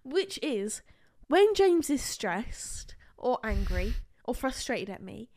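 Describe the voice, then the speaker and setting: A woman's voice: fairly high pitch, sing-song, slow, darkish tone. A young woman co-hosting a podcast with her partner, blunt and indignant, swearing freely in casual banter. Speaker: podcast co-host.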